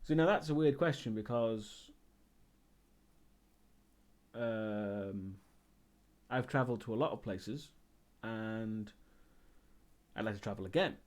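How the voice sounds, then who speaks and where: A man's voice: on the low side, slow, long pauses. A man streaming live and chatting casually as he answers viewer questions, rambling and hesitant, with many ums and restarts.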